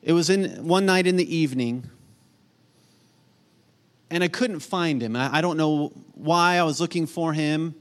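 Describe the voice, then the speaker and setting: A middle-aged man preaching a sermon, earnest, swinging from emphatic peaks to soft, hushed storytelling. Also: fairly high pitch, measured pace, pauses often. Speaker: pastor.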